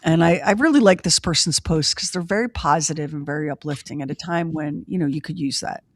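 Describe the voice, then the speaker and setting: A woman's voice: sits low, brisk, dry recording. A woman hosting a podcast, chatting casually in a wry, drawling way. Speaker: podcast host. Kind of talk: casual chat.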